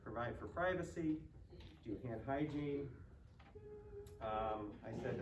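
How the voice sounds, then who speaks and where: Talking himself methodically through a practice medication round, a male nursing student narrates a skills demonstration beside a med cart on a simulated hospital ward. His mid-range voice is animated yet measured, with long pauses, and the roomy, off-mic recording from a distance carries faint background noise.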